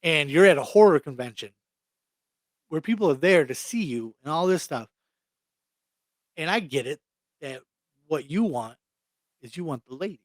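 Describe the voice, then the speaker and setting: A man's voice: high-pitched, no room sound. Blunt, profane man ranting. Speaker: podcast co-host. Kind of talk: casual chat.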